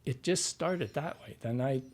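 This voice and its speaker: A man's voice: medium pitch, a little slow. A man who works as a dialect coach, telling stories in a rambling, casual interview with many fillers and restarts.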